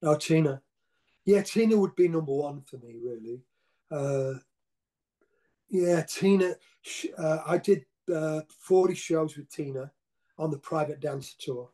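A man's voice: on the high side, measured pace. An older man telling casual, rambling stories as an interview guest, with frequent restarts. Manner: rambling, animated anecdotes with repeated restarts. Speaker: interview guest, rock singer. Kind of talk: casual storytelling.

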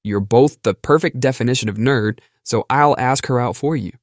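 A confident young friend who ribs his buddy in a loose, joking voice, played by a man in an audio drama. His pitch sits in the middle, and the recording is close and dry. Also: normal speed, dry recording, close to an everyday voice. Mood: teasing. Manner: breezy, joking.

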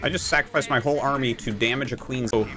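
A man's voice: mid-range voice, fairly even intonation, fast, music in the background. A man streaming a game live, ranting and swearing at his opponents and his chat. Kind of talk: live gameplay commentary.

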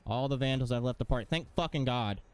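A man's voice: medium pitch, a little fast, smooth. A man commentating his gameplay, exasperated, swearing and ranting at the game. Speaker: gaming streamer.

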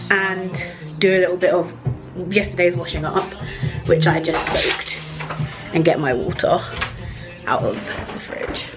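A young woman, a university student, chatting casually to her camera in her student kitchen in a gushing way full of "like" fillers. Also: fairly low pitch. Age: young adult. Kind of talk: casual vlog chat to camera. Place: kitchen in student accommodation, indoors. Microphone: handheld camera or phone. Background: music playing under the voice.

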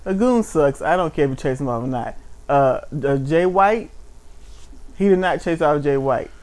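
A man's voice: fairly high pitch, lively intonation, moderate pace, darkish tone. A man co-hosting a casual wrestling chat, blunt and mocking, with frequent swearing. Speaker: podcast co-host.

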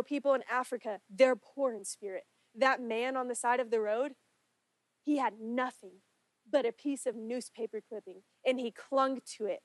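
A woman's voice: fairly high pitch, dry recording. A woman preaching a sermon in church, earnest and pleading, her voice rising in intensity when she prays aloud. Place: church sanctuary.

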